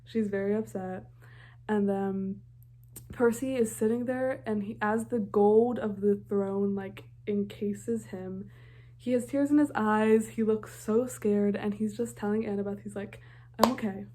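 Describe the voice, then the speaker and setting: A young woman talks through a TV episode in a casual, gushing reaction vlog. Her voice is warm and soft-edged, and her sentences tumble out full of "like" and restarts. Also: mid-range voice, fairly even intonation, measured pace. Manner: gushing, heavy on filler "like". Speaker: TV reaction vlogger.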